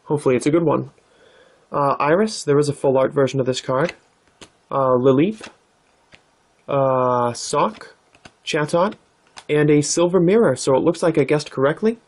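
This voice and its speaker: A man hosting his own card-opening vlog, talking in a relaxed, thoughtful way with plenty of "uh"s and "um"s. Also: fairly high pitch, moderate pace, long pauses. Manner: relaxed, thoughtful, with many fillers. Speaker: card-opening channel host. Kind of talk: casual vlog narration.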